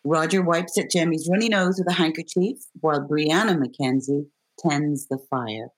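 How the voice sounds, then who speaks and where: A woman guest, an actress, reading the stage directions in a crisp, even way. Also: deep voice, moderate pace.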